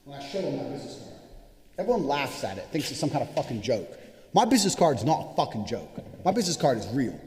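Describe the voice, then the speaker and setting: A man's voice: mid-range voice, sing-song, fast talker, a little mellow. A man delivering a boastful, profane monologue straight to viewers, in a casual self-promoting style. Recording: roomy with long reverb.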